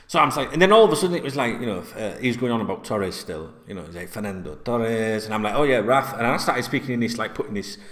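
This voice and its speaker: An English man tells a long, rambling story straight to his viewers, calling them guys and swearing as he goes. His pitch swings widely as he acts out the conversation. The room around him is echoey. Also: lively intonation, fast talker, hardly any pauses, a bit bright. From England. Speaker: YouTuber telling a story. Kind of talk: casual storytelling to camera.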